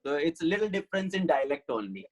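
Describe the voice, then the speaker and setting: A man's voice: on the high side, very animated, fast talker, rough recording. Patient male teacher explaining step by step. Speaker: Sanskrit teacher. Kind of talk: online class explanation.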